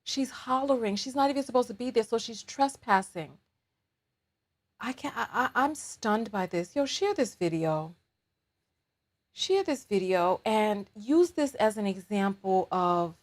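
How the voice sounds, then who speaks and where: Reaction host, woman, slightly high voice, unhurried, emphatic disbelief. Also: animated. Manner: stunned, incredulous, emphatic. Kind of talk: reaction commentary.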